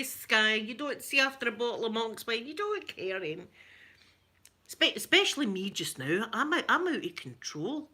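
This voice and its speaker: A middle-aged Scottish woman chatting casually with live viewers on an ASMR stream, giggly and rambling, often dropping to soft whispers. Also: on the high side, big pitch swings, moderate pace. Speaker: ASMR creator.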